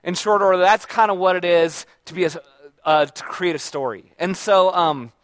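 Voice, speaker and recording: Speaking at normal speed in his own high-pitched voice, a man gives a relaxed lecture before a live audience, often quizzing the room. His speech is chatty, with frequent fillers and restarts, and the sound is close and dry with no echo.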